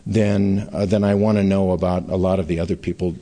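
A middle-aged man, a newspaper columnist, telling stories in an interview in a rambling, halting way with frequent restarts. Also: sits low, level tone, mellow. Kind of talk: anecdotal storytelling in an interview.

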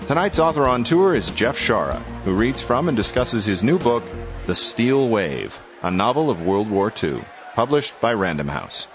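A man's voice: medium pitch, sing-song, moderate pace, fairly bright tone, soft background music. A man reading a scripted podcast introduction in an announcer style. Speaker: podcast host.

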